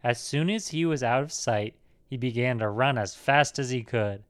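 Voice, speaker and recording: A man narrating a fairy tale aloud with an expressive storyteller's delivery. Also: mid-range voice, moderate pace, clean tone.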